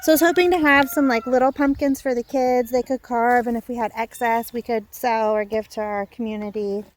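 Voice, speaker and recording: A young woman, a home gardener and channel host, gives a rambling, casual tour of her backyard garden while filming on a handheld phone, slightly out of breath and full of fillers and self-corrections. Her voice sits on the high side, steady and a little fast.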